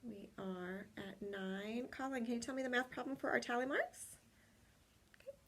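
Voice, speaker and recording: Brief: female teacher, gravelly edge, slow patient spelling for small kids. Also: on the high side, animated. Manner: slow, spells words letter by letter, encouraging. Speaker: kindergarten teacher. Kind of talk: spelling and tally lesson for young children.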